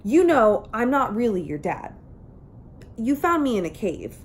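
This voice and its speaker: A woman's voice: sing-song, a little slow, slight background noise. A woman voicing a big, fearsome male Tyrannosaurus who roars his lines in a storybook reading. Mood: quiet, serious. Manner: loud roaring booming lines.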